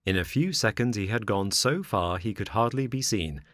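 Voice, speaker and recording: A man narrating a children's classic as an audiobook in an expressive, measured storytelling manner. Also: fairly low pitch, no echo, studio quality.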